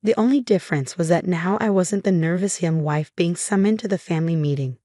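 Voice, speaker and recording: A woman reading a first-person revenge story as scripted narration, calm and measured. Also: fairly low pitch, dry recording, clean studio sound.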